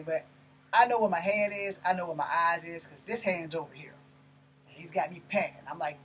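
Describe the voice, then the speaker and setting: A man telling a personal story in a blunt, profane, animated way, breaking off and restarting mid-sentence. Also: a little high, fairly quick, breathy edge, poor audio. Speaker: martial arts channel host. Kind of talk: personal story told to camera.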